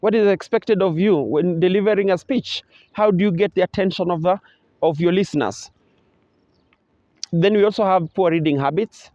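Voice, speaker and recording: Kenyan man teaching, slightly high voice. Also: moderate pace, warm tone, dry recording. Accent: Kenyan English. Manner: explains patiently, acts out pronunciation and intonation examples. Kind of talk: exam revision lecture. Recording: dull, dry close recording.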